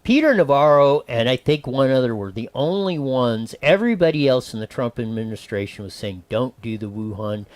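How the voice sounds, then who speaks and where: A man's voice: mid-range voice, brisk, hardly any pauses, no echo. A man hosting a talk radio show, giving opinionated commentary in a rambling way with many restarts and acted-out quotes. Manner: animated, wandering, with frequent restarts and acted-out quotes.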